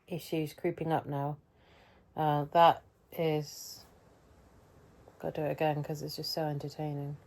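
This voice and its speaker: A woman vlogging a casual weekly update, rambling and hesitant, often pausing and mocking herself. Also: low-pitched, level tone, darkish tone. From England.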